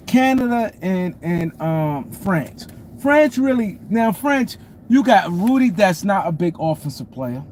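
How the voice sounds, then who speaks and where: A man's voice: sits high, darkish tone, slight background noise. A man hosting a casual sports talk stream, repeating points and greeting viewers by name. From New York City. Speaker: show host. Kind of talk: casual sports commentary livestream.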